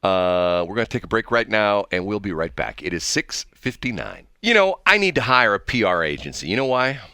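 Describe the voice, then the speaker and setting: Male radio host, rambling chat, lively pitch, bright voice, dry studio sound. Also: a little fast, smooth, no echo. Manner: rambling, goes off track, laughs often. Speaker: radio morning show host. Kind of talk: casual radio banter.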